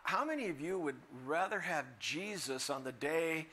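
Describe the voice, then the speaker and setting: An older man delivers a sermon with a bright, forceful tone. He preaches in an animated way, with humorous asides, and slips into the voices of the people he quotes. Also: on the high side, moderate pace. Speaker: guest preacher.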